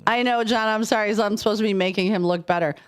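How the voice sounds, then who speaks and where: A woman's voice: mid-range voice, fast talker, clear, resonant tone. Chatty female radio co-host. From United States. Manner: chatty, storytelling, upbeat. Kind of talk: casual morning radio banter.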